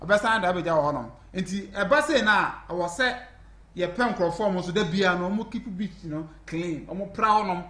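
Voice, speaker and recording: A man's voice: high voice, moderate pace. A Ghanaian man, a journalist, chatting casually and explaining at length in Twi mixed with English, with a Ghanaian accent. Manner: animated, laughing, explaining at length. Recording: roomy echo.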